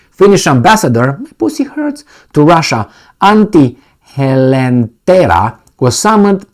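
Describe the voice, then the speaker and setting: A man's voice: mid-range voice, darkish tone. A man from Romania, reading news reports aloud and breaking in with sarcastic, mocking asides. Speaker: political commentator.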